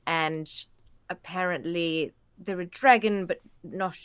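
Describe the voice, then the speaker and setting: A woman's voice: fairly low pitch, slow, a bit bright, clear, resonant tone, no room sound. A woman playing an adventurer in a tabletop game, talking hesitantly and stumbling over her words. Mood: awkward. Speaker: player.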